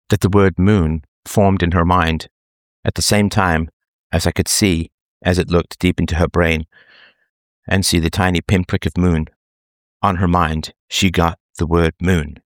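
Deep-voiced man lecturing emphatically. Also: no echo, studio quality. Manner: emphatic, lecturing, with wide swings in pitch; sarcastic. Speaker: commentator. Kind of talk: opinionated solo monologue.

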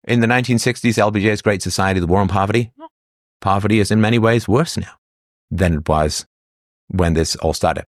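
Deep-voiced man lecturing in a monologue. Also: brisk, no room sound, studio quality. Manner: lecturing, rhetorical questions, frequent "uh" fillers. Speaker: commentator. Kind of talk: solo political monologue.

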